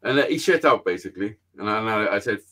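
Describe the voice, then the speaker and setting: A man telling a sweary, animated story in casual chat. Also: fairly low pitch, fast talker, a little hiss or hum. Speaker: podcast host.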